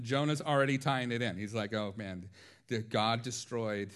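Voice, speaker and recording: Animated storytelling male preacher. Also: medium pitch, moderate pace. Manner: animated storytelling with frequent laughs. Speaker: pastor. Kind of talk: sermon.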